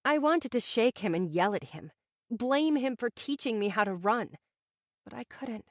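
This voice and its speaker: Expressive woman narrating an audiobook. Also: on the high side, unhurried, dry recording. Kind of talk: scripted first-person narration.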